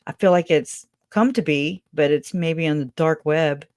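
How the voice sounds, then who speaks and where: Rambling woman with a low voice. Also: moderate pace, a little mellow, no room sound. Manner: rambling, laughs often, trails off mid-sentence. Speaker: call-in show host. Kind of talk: casual chat. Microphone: video call.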